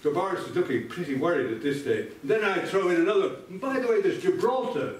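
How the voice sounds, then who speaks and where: A man's voice: sits high, expressive, quick pace. An older man giving a sardonic debate speech, addressing his opponent directly by name. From Ireland. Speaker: debate speaker. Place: large debating chamber indoors. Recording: echoey hall, voice from far off.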